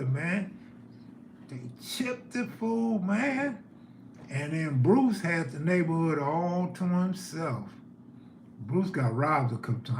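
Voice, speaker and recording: Slow-talking man on a roomy live stream. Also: on the high side, slight background noise. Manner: laid-back storytelling, reads chat aloud. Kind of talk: casual live-stream chat.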